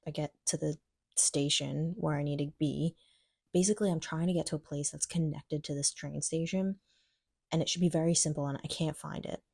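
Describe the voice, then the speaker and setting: A young woman chats through a storytime vlog in a low, mellow voice, filling her talk with "like" and acting out what she thought. Her voice sounds close and dry. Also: steady tone, fairly quick, vocal fry, husky, dry recording. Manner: chatty, many "like" fillers, acts out her own thoughts. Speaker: vlogger. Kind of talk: casual storytime.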